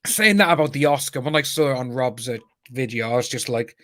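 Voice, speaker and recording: A British man talks casually on a live stream and keeps it lively, laughing and acting out other people's lines. His voice sits at a middle pitch. The sound is dry and close. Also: fairly quick, no room sound. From United Kingdom. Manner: animated, laughing often, quoting people in voices. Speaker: YouTube commentator co-hosting a live stream. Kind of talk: casual chat.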